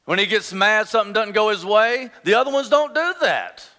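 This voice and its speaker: A man in his thirties preaching a sermon as pastor, with emphatic repetition, swinging between forceful declarations and hushed, intense asides. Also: high voice, lively intonation, brisk, in a large hall.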